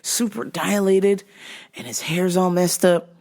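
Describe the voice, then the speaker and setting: A woman's voice: fairly low pitch, fairly even intonation, takes it slowly, gravelly, a little mellow. A woman hosting her own show, telling a blunt, profane story in a casual monologue. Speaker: podcast host.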